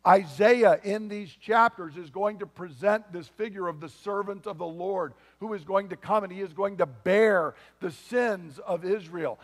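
A pastor preaching a sermon in an earnest, emphatic way, with frequent asides to the congregation. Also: male voice, sits high, long reverb tail.

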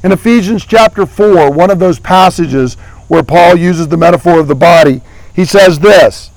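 High-voiced man preaching a sermon. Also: normal speed, a little mellow, dry recording, rough recording. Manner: earnest preaching with questions to the congregation. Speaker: pastor.

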